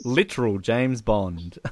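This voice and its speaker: A podcast co-host in casual movie-review chat, giggly and animated with mock-outraged asides. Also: medium pitch, slow, slight background noise.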